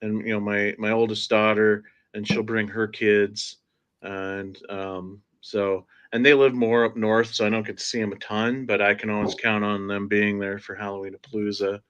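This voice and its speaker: A man's voice: on the low side, level tone, moderate pace, fairly bright tone, clean tone, lo-fi sound. A man, grandfather with a teenage son, hosting a casual livestream chat and telling playful stories. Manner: storytelling, playful, chuckles. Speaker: host.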